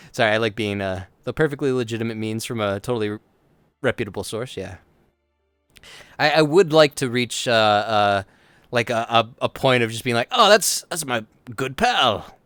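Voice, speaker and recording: A man's voice: mid-range voice, normal speed, pauses often, fairly bright tone, clear, resonant tone, no echo. A man chatting casually as his roleplay character, rambling with frequent laughs and playful voiced asides.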